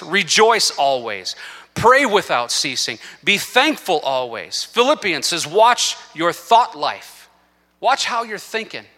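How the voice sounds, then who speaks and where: An impassioned male pastor delivers a sermon, his voice sitting a bit high and climbing further when he presses a point. The tone is bright and forceful, and it rings out with a long reverb through the church hall. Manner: impassioned preaching that climbs to urgent, high-pitched emphasis; emotional, earnest. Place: church sanctuary.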